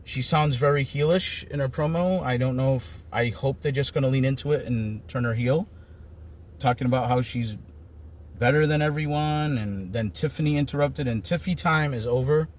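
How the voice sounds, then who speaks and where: A man's voice: mid-range voice, normal speed, a little hiss or hum. A man giving a casual, rambling recap of wrestling shows as an enthusiastic fan. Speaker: wrestling commentator.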